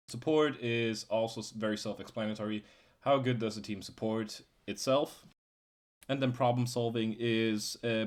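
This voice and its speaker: A young man hosting a casual podcast, laid-back and swearing now and then as he explains how things work. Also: fairly low pitch. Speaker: podcast host.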